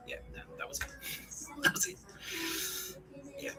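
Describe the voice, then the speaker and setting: A man's voice: low voice, huge pitch swings, normal speed, long pauses, music in the background, poor audio. An Australian man in a profane, rambling podcast monologue, acting out what other people said. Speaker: podcast host.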